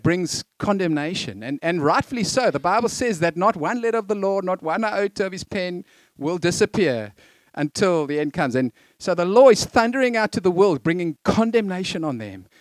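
Middle-aged guy preaching, pretty high voice, chatty with jokes, dry close sound. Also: no room sound. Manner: conversational, jokey asides, lively emphasis. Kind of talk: sermon.

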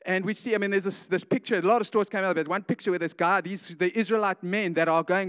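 A man's voice: sits high, quick pace, fairly bright tone. A man preaching a casual sermon, retelling a story with slangy asides like "man" and "guys".

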